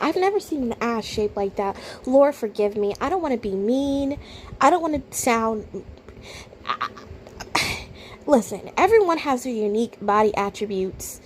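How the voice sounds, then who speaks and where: A woman with a high, bright-pitched voice reacts to a video in casual, blunt commentary. She sounds incredulous, dropping to low mutters and then bursting out loud. A faint hiss sits under her voice.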